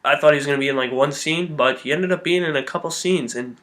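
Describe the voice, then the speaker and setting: A man's voice: fairly high pitch, quick pace, a bit bright. A man giving a blunt, opinionated movie review in a casual manner, swearing now and then. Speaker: film reviewer.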